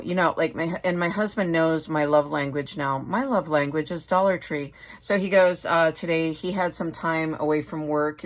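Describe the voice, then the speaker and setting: A middle-aged woman craft vlogger talks in a loose, rambling way. She laughs often as she chats. Her voice sits a little low for a woman. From Wisconsin. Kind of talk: casual chat.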